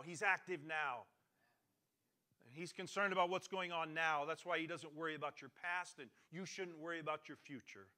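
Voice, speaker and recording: A man preaches to his congregation with a slightly raised pitch and a vivid, cutting brightness in his voice. He rises to loud, emphatic peaks and then drops to near-murmurs, leaning on repeated phrases the way a pastor does from the pulpit. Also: moderate pace. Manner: dramatic swings from loud emphatic lines to quiet near-murmurs. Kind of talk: sermon.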